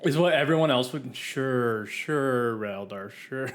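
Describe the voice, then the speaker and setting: A man's voice: medium pitch, a little slow, slight background noise. A man streaming live, chatting casually and rambling jokily while reacting to a game trailer. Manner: rambling and jokey, trailing off mid-sentence. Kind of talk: casual livestream chat.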